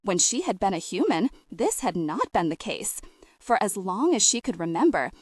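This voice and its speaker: Expressive woman narrating an audiobook. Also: mid-range voice, dry recording, studio quality.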